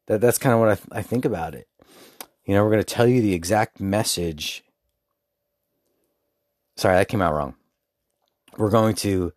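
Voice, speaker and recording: A man's voice: sits low, animated, moderate pace, long pauses, no echo, clean studio sound. A man hosting his own podcast, talking candidly and informally in a casual solo monologue. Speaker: podcast host.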